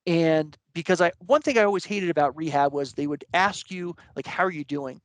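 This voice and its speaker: A man's voice: a little high, a little fast, no room sound. A man being interviewed, telling a long personal story in a casual, rambling way with many fillers and restarts. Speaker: interview guest.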